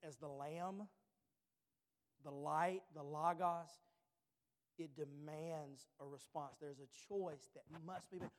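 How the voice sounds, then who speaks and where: A man in his thirties preaching a sermon as pastor, earnest, repeating his questions and checking in with "all right.". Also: fairly high pitch. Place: church sanctuary. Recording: long reverb in a hall.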